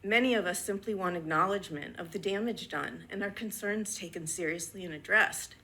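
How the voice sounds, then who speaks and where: A woman's voice: medium pitch, bright, forceful tone. Earnest woman at a town meeting. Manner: earnest, measured, deliberate pauses between list items. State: slightly out of breath. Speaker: resident speaking at public comment. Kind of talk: prepared public comment read aloud. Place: town board meeting room.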